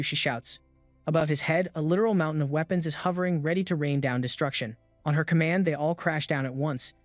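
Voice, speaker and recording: A man's voice: fairly high pitch, no room sound. A man narrating a comic recap as a scripted voice-over, reading all the characters' lines in his own voice. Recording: dry voice-over with music.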